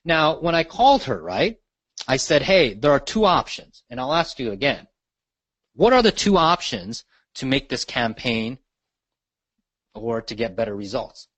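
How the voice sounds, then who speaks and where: A mid-range, sing-song, unhurried man's voice with a fairly bright tone and no room sound. He's teaching a live real estate marketing training call in a conversational way, repeating questions and checking in with the group almost every point through lots of "right?" and "okay?".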